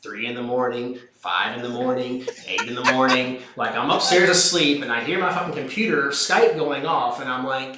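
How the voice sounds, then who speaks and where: A man with an American accent ranting in casual livestream chat, profane and animated, acting out mocking voices. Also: mid-range voice. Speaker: livestream co-host. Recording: echoey room with faint noise.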